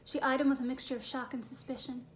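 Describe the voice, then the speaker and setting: High-voiced woman reading a storybook. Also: level tone, quick pace, a little hiss or hum. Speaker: audiobook narrator. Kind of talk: storybook narration.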